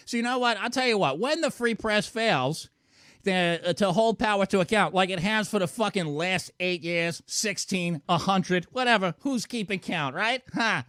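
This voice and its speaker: A man's voice: sits high, moderate pace, a bit bright, dry recording, clean studio sound. A man hosting a call-in talk show, ranting sarcastically and swearing constantly. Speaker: radio show host. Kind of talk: profane call-in show rant.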